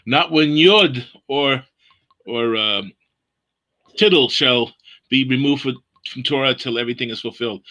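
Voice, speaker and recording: A man leading an online Bible study, explaining Hebrew letters and words in an unhurried way. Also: medium pitch, sharp tone.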